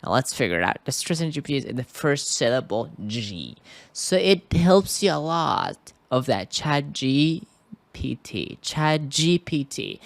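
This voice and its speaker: In a screen-recorded English tutorial, a man teaches indoors at a computer microphone, his mid-range voice showing vocal fry. The recording is dry, and he talks hesitantly, constantly checking in with "okay?"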